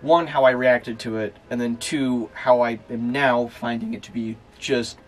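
Casting: male podcast co-host, mid-pitched, animated and joking, faint music underneath. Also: measured pace. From Minnesota. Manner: animated, joking, swears freely. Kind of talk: casual chat.

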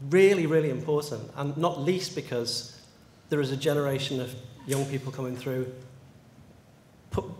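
Male panel moderator, measured and polite, long echo of a large hall, faint ambience. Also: mid-range voice, a little hiss or hum. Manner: measured, courteous, hesitant fillers. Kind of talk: chairing a panel discussion.

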